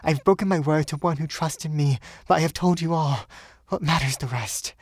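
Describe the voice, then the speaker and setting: A man's voice: on the high side, moderate pace, breathy edge, dry recording, studio quality, voice pushed up. A man voicing a pleading young woman in love.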